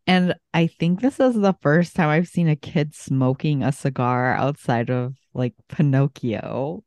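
Male co-host, a touch high-pitched, quippy and crude; dry close sound. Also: measured pace, darkish tone, dry recording. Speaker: podcast co-host. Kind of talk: casual movie recap chat.

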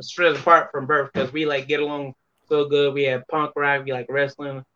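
A man with a bright, forceful voice that sits a little high tells stories from behind the scenes in wrestling. He is animated, jumps into other people's voices for quotes and swears freely. The recording sounds dull and lo-fi. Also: moderate pace. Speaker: wrestler guest. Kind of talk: casual interview storytelling.

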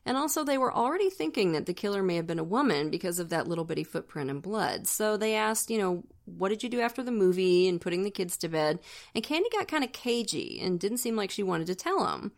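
A woman's voice: medium pitch, lively intonation, quick pace, gravelly. A woman co-hosting a true-crime podcast, telling the story in a casual, chatty way with wry asides. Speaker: podcast co-host.

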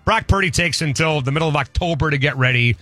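A man's voice: a little high, fast talker, fairly bright tone, no echo, soft background music. A man hosting a casual sports talk show, quizzing his co-host and dropping sarcastic remarks.

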